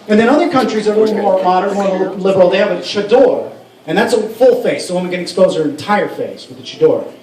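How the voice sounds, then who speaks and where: A man's voice: sits high, animated, fast talker, darkish tone. A man doing a stand-up comedy set in a club, rambling and profane with many restarts. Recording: roomy room sound from a far mic.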